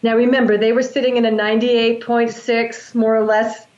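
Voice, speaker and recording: A woman practitioner talks through breath work in long, earnest explanations, circling back and restarting her phrases. Her voice sits a little high. The recording is roomy and somewhat muffled. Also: little pitch movement, normal speed, a little mellow. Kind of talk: explanatory interview talk. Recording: roomy, dull lo-fi sound.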